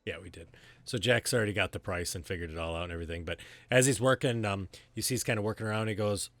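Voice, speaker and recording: A man's voice: fairly low pitch, quick pace, a bit bright, no echo. A man narrating as game master of a tabletop game, rambling with lots of fillers.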